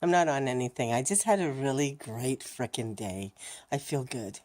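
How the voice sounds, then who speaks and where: A middle-aged woman chatting casually to camera in her vlog, frank and animated, laughing often and swearing now and then. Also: extremely low pitch. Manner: animated, laughing, mimics racing thoughts with fast chatter. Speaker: vlogger sharing her cancer journey.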